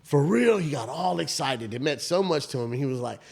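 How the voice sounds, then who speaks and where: A man in his thirties co-hosting a podcast, retelling a story in a rambling, animated way with lots of restarts and swearing. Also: medium pitch, a little fast, vocal fry. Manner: rambling, animated retelling with many "I was like" asides; frequent restarts and profanity. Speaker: podcast co-host. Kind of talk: casual storytelling chat.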